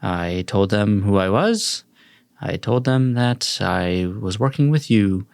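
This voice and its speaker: A man's voice: fairly low pitch, animated, takes it slowly, creaky, a little mellow, clear, resonant tone, dry recording, heavily acted. A cheerful, evasive woman agent in a fantasy tabletop game, as a man puts her on. She brushes things off lightly, in a dry, close recording. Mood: breezy.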